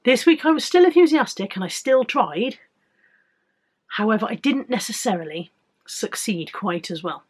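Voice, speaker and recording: A woman in her late forties with an English accent, talking candidly and a little croakily in a casual vlog about her weight-loss week. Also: on the high side, expressive, normal speed. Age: 40s. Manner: candid, chatty, rambling with restarts. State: slightly croaky.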